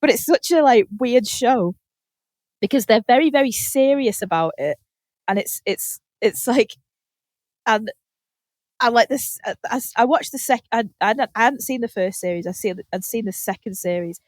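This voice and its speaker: A British woman hosting a podcast, telling animated stories in casual chat, laughing often and swearing casually. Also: on the high side, normal speed, dry recording. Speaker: podcast host.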